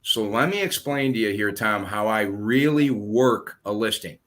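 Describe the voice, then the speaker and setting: A man's voice: lowish voice, moderate pace, fairly bright tone. A man who sells real estate, explaining his methods in a podcast chat and acting out phone calls as he goes. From southern United States. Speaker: guest real estate agent.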